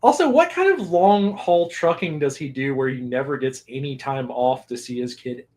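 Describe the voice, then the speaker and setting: A man's voice: mid-range voice, animated, normal speed, darkish tone. A man hosting a casual movie commentary podcast, laughing often and rambling through asides. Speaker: podcast host.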